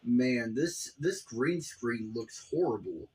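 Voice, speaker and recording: Exasperated guy ranting slow about a bad video, swearing a lot, mid pitch. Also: lively intonation, darkish tone. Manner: exasperated, profane, rambling. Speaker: video commentator. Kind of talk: casual reaction commentary.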